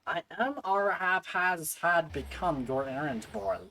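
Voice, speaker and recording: A woman's voice: on the low side, a little slow, bright, forceful tone, slight background noise, rough recording. A woman streaming a video game, chatting casually and playfully with viewers in a self-mocking way.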